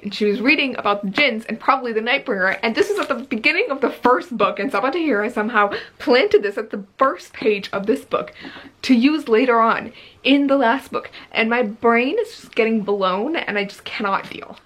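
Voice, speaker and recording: A young woman giving an excited reading-update vlog, gushing and breathless, with lots of filler words. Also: on the high side, brisk, rough recording. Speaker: book vlogger.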